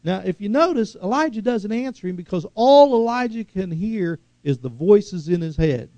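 A man preaching a sermon, swinging from loud, high exhortation to hushed, slow earnestness. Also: lively intonation, dry recording.

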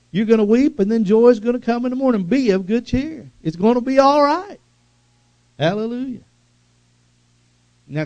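A middle-aged male pastor preaching an animated sermon, swinging from loud calls to hushed asides. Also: high-pitched, no room sound. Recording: dull lo-fi sound.

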